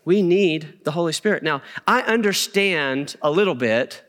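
A man's voice: on the high side, expressive, moderate pace, a bit bright, long reverb tail. A middle-aged man preaching a sermon as a pastor, telling stories with humor and asides to the congregation. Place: church sanctuary.

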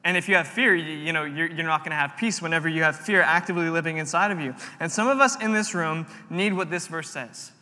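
A man's voice: on the high side, quick pace, few pauses, pushed and bright. A young man preaching a sermon in a hall, talking earnestly and telling a personal story with repeated phrases. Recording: long reverb of a large room.

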